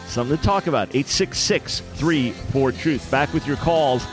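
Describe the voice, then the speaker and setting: A man's voice: a little high, normal speed, faint music behind. A man hosting a call-in radio show, speaking in an earnest, emphatic way. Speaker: radio talk show host. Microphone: studio microphone.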